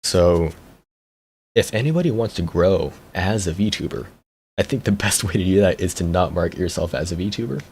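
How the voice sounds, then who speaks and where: A young man chats casually on his stream, rambling from one thought to the next. His voice is low and gravelly with plenty of fry. He often stumbles over repeated words and breaks into laughter. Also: expressive, moderate pace, darkish tone, slight background noise. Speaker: VTuber streamer.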